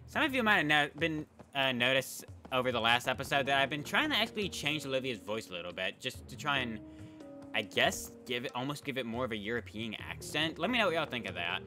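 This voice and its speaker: A man's voice: mid-range voice, a little fast, faint music behind. A young man giving casual, joking commentary while playing a game. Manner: wry, joking and animated. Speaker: let's play commentator.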